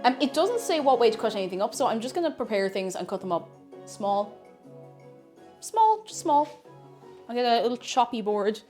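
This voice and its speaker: Lively Irish woman chatting while cooking. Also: fairly high pitch, quick pace, faint music behind. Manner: chatty, self-mocking, thinking aloud. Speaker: streamer. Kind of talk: casual cooking stream chat. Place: home kitchen.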